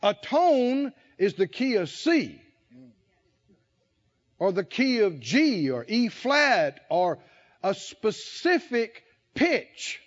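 High-voiced fervent preacher, slow and dull-sounding. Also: male voice, big pitch swings. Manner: storytelling with rising fervor and shouted lines. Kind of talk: sermon. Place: church conference hall.

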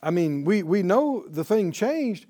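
A man teaching a Bible class, telling the story in an animated way and chuckling often. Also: high-pitched, a little slow.

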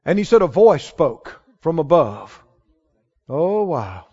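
High-pitched preacher guy, big echoey church hall, kinda dull muffled sound, gets loud n emphatic. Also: very animated, slow, slightly rough. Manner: emphatic, rising to shouts on key lines. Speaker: pastor. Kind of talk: sermon.

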